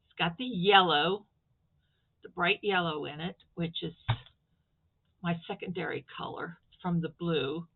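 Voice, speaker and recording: Slow-talking woman on tinny phone audio. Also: fairly low pitch, husky. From Florida. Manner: chatty, rambling, talks to viewers while handling fabric. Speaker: crafting vlogger. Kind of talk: casual craft show-and-tell.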